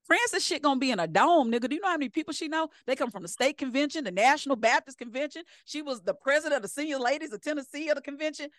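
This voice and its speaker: A middle-aged woman, telling profane, animated stories as a podcast co-host. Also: sits high, rapid-fire, few pauses, dry recording, clean studio sound. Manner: animated, profane storytelling with acted-out quotes. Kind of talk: casual chat.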